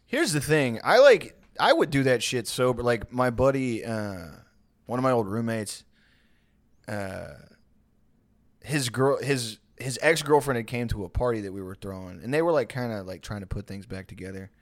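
Young guy rambling on a podcast, like like like, dead dry mic, middle pitch. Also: expressive, normal speed, no room sound. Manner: rambling with many "like" fillers, laughing. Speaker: podcast co-host. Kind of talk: casual chat.

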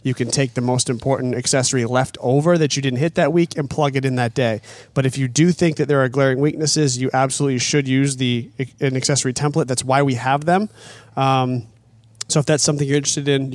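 A man's voice: medium pitch, fairly even intonation, quick pace, no echo. A man coaching athletes on an off-season training program, explaining it plainly in casual chat and pressing hard on the value of running.

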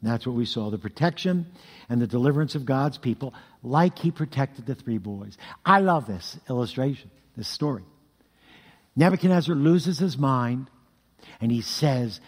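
A man preaching a sermon, telling scripture stories in an animated way with vocal sound effects. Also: mid-range voice, normal speed. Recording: long hall reverb.

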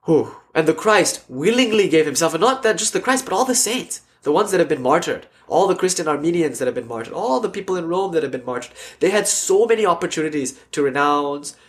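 A man's voice: fairly high pitch, brisk, hardly any pauses. A man giving a casual lecture as a spiritual teacher, telling stories animatedly and acting out quotes. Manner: animated storytelling, acts out quotes. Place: class with online audience.

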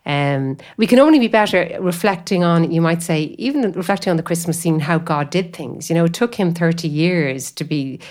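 Low-voiced woman talking faith, rambling. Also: animated, a little fast, hardly any pauses, a little mellow. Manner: rambling, full of "you know" fillers. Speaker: guest speaker on faith. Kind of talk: conversational spiritual talk.

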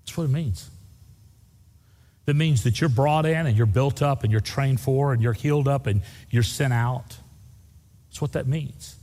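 A man's voice: mid-range voice, unhurried, long pauses, mellow, long reverb tail. A man preaching a sermon as pastor, telling folksy stories and driving points home through repetition.

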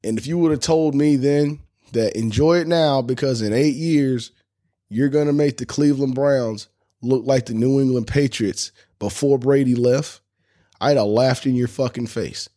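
A man hosts a fan sports podcast in a fired-up, indignant rant. He curses freely and sounds fed up. His voice sits at a plain middle pitch for a man. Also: moderate pace, warm tone. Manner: heated, indignant, cursing freely. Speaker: podcast host.

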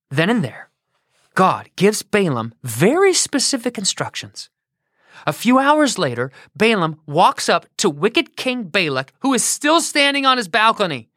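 A woman tells a Bible story for children, asking her listeners questions along the way. Her bright voice swings widely in pitch at an unhurried pace, and it sounds dry and close. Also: no room sound. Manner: animated, asks listeners questions.

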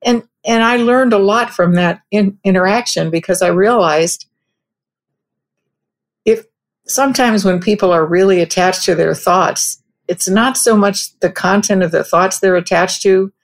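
A woman telling a personal anecdote in a reflective, halting way, often restarting her sentences. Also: mid-range voice. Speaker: storyteller. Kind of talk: personal anecdote told conversationally.

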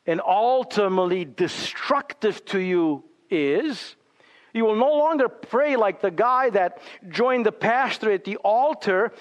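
A male pastor preaching a sermon in a church sanctuary, emphatic and deliberate, often dropping to a hushed tone. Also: high voice. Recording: long hall reverb.

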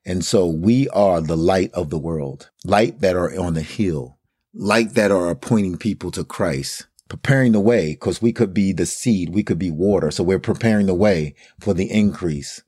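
Earnest deep-voiced man preaching. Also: moderate pace, warm tone, husky, no echo, clean studio sound. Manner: earnest, preacherly, builds lists of phrases. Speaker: co-host of a Bible study talk. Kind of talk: casual Bible study discussion.

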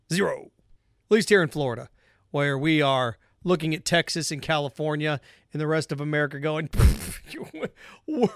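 A man hosts his own podcast, launching into a sarcastic, repetitive opinion rant aimed squarely at his listeners. His voice is high, and the recording is dry and studio quality.

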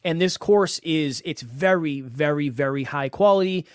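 A man's voice: a little high, unhurried, no echo, studio quality. Emphatic man hosting a podcast. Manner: emphatic, repeats words for stress. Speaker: podcast host and coach. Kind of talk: solo podcast monologue.

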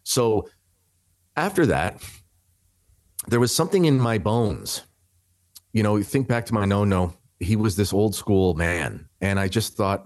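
A man's voice: on the low side, expressive, normal speed, dry recording. A man in his thirties from Canada, a podcast guest telling his story in a rambling, conversational way, full of restarts and fillers.

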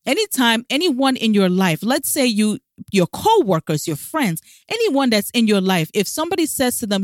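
A woman's voice: on the high side, big pitch swings, normal speed, no echo, studio quality. A woman coaching her listeners with emphatic advice, asking rhetorical questions and speaking with a smile in her voice. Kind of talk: direct-to-camera advice talk.

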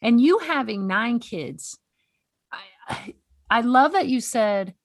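A woman's voice: fairly high pitch, animated, takes it slowly, dry recording. A woman hosting a faith-based conversation, earnest and exhorting, often repeating words as she speaks. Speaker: podcast host.

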